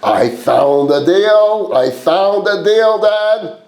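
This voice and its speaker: A man's voice: high voice, animated, slow, darkish tone, voice pushed up, heavily acted. A man voicing a naive, eager young son who talks earnestly. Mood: eager proud. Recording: roomy echo.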